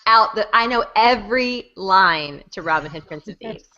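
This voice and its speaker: A woman chatting casually as a podcast host, jokey and full of quick asides. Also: medium pitch, expressive, sharp tone. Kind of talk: casual chat. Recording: dull lo-fi recording.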